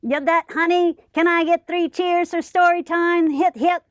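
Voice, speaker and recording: A woman's voice: very high voice, fairly even intonation, unhurried, dry recording. A woman voicing a cheerful duck puppet doctor on a library story show, chirpy and eager.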